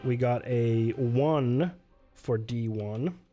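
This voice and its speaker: A man's voice: mid-range voice, extremely slow, mellow, faint music behind. A man casually playing through a solo tabletop game on stream, reading rules aloud, answering chat and laughing often. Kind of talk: casual livestream play-through.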